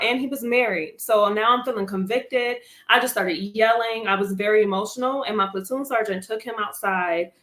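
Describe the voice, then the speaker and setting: A woman's voice: on the high side, brisk, hardly any pauses, a bit bright, echoey room. A woman, an army veteran and interview guest, telling her personal story candidly and expressively, acting out her own past words.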